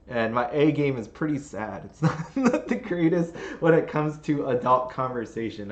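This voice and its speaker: A man hosting his channel, chatting casually and telling a rambling holiday story, laughing at it as he goes. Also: medium pitch. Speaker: channel host.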